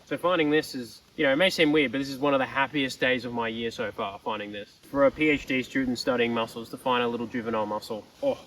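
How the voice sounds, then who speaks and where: A man's voice: mid-range voice, steady tone, fast, hardly any pauses, a bit bright. A young man, a PhD student, chatting enthusiastically and joking about himself while doing fieldwork outdoors in a swamp. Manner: enthusiastic, jokey, self-mocking. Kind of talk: casual outdoor field vlog. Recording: distant mic with faint outdoor noise.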